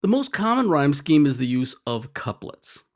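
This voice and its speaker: Male narrator for a scripted explainer lesson, wry and animated, with an expressive, varied pitch. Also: moderate pace. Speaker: teacher.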